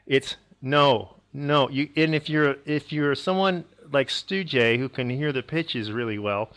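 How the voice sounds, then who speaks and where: Man teaching language, rambling, self-correcting, mid-pitched voice, casual lecture. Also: measured pace, fairly bright tone.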